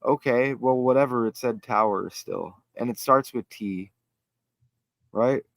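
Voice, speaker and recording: A man hosting a casual livestream chat, excitable and rambling, thinking aloud as he reads. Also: mid-range voice, measured pace, gravelly, no echo. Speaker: host.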